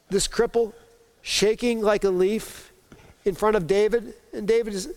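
A pastor preaching a sermon, telling a Bible story and acting out the voices of its people. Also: male voice, sits high, moderate pace, a little mellow.

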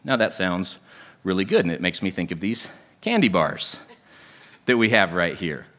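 A man's voice: deep voice, normal speed. A man preaching a sermon, talking with the congregation and asking them questions. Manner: animated, talks with the congregation and asks questions often. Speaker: pastor. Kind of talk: sermon with audience interaction. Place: church sanctuary.

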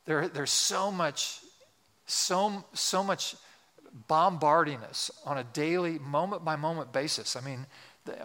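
A male pastor delivering a sermon with a bright, forward tone and a slightly high pitch. He speaks earnestly and exhorts his listeners. He slows right down on the words he wants to land.

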